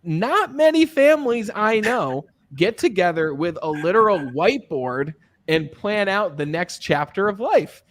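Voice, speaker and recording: Host, male, higher-pitched voice, lively anecdotal delivery, dry close-miked sound. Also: measured pace, no room sound. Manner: animated, anecdotal, often asks "right?". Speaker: podcast host and sales coach. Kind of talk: casual interview chat.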